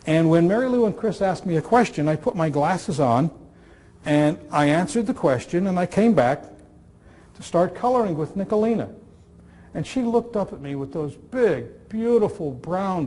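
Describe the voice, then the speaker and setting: A man in his sixties giving a storytelling talk on listening skills, using dramatic pauses, repetition and dry humor. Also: a little high, mellow, a little hiss or hum. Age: 60s. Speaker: speaker on communication skills. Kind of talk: storytelling talk to a live audience.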